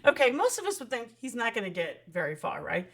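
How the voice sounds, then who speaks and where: A woman's voice: fairly high pitch, big pitch swings, brisk, vocal fry. A woman co-hosting a podcast, telling a news story in casual chat and laughing often. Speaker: podcast co-host.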